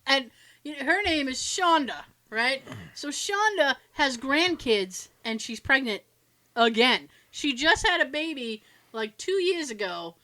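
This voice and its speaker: A woman co-hosting a podcast, telling animated stories in casual chat, swearing freely and laughing often. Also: high voice, measured pace. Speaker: podcast co-host.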